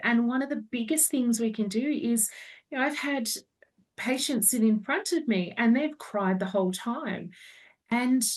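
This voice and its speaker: A woman in her forties, a naturopath guest talking through her clinical experience in an earnest, explaining way. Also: on the high side. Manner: earnest, explains at length with own examples. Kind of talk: casual podcast chat. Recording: voice a bit distant from the mic.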